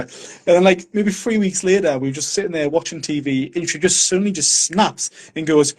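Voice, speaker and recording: Higher-voiced young man. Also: brisk. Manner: chatty, laughs while telling stories. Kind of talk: casual chat.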